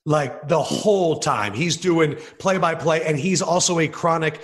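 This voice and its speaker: Playful podcast host, higher voice. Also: male voice, measured pace. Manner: playful, riffing jokes, laughing. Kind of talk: casual comedic chat over a video call.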